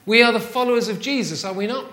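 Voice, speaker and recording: A man's voice: very high-pitched, fast talker, bright, forceful tone, echoey room. A male pastor giving a conversational sermon in a church, often asking the congregation rhetorical questions.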